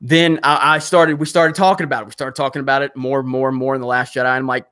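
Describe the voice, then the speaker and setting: A man from Alabama hosting a casual live stream, rambling with many fillers and restarts and quick to laugh. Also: medium pitch, fairly bright tone, clear, resonant tone.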